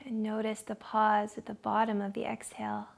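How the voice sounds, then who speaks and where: Gravelly-voiced woman guiding a yoga class. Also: mid-range voice, monotone. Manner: slow, soothing guiding voice. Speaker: yoga instructor. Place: living room at home.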